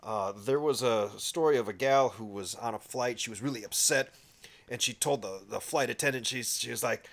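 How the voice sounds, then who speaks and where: A man co-hosting a casual podcast in a studio, chatty and quick to laugh while he retells anecdotes. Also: mid-range voice, animated. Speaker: podcast co-host. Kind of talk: casual chat. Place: studio, sitting on couches.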